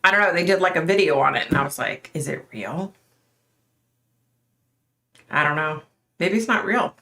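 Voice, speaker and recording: A woman's voice: low-pitched, normal speed, bright, forceful tone. A middle-aged woman hosting a casual livestream, chatting with viewers by name and talking with a skeptical edge. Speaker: livestream host.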